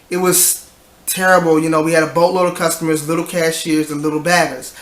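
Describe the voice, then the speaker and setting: Weary young man, bright echoey voice. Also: high-pitched. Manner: tired, rambling, frequent restarts and sighs. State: tired. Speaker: vlogger. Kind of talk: casual storytelling vlog.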